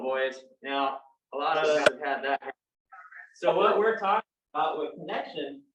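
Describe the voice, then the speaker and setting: A man's voice: on the high side, noisy background. A man with a Texan accent teaching a live dance class, joking and telling folksy stories as he instructs. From Texas. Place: dance studio. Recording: roomy, distant, dull sound.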